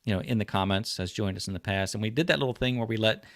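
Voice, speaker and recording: A man's voice: fairly low pitch, racing, no echo, studio quality. A man from New Jersey hosting a casual livestream, chatting loosely with lots of fillers. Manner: rambling, friendly, lots of fillers. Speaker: livestream host.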